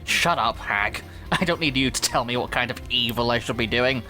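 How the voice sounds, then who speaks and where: A man with a Manchester accent voicing a bratty young female villain inventor in a game, reading her lines in a sneering, high voice. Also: moderate pace, pushed and bright, soft background music, natural voice. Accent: Mancunian.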